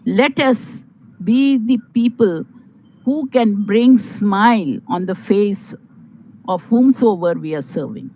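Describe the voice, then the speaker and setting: Slow, earnest Indian woman advising. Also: medium pitch, animated, warm tone, slight background noise, poor audio. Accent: Indian English. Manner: earnest, measured, motherly advice with fillers. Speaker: guest advising on marriage. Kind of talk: advice talk to young unmarried women.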